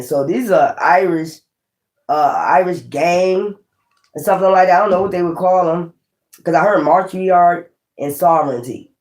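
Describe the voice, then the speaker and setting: In a lowish, darkish voice, a tarot reader works through a casual reading out loud, speaking bluntly and swearing freely. Her words carry a roomy echo.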